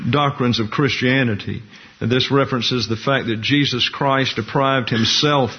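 Husky guy giving a careful bible study talk, kinda muffled lo-fi recording. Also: mid-range voice. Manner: deliberate, explanatory, walks through Greek terms and diagrams. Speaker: Bible teacher.

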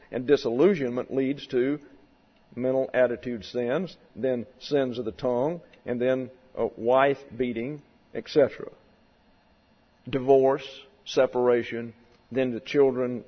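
A male pastor delivers a sermon in a slow, deliberate teaching manner, leaning on key words. His mid-pitched voice rings out with a long reverb, as if filling a large sanctuary. The recording has a muffled, lo-fi quality. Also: steady tone. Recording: dull lo-fi sound in a long-reverb hall.

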